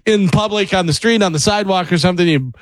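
A man co-hosting a radio show, telling stories in a relaxed, self-deprecating way. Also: sits high, fast, no room sound. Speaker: radio co-host. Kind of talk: casual studio chat.

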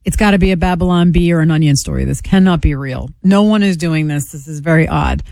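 A woman co-hosting a talk radio show, bantering quickly and playfully with the host. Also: low voice, dark tone, dry recording.

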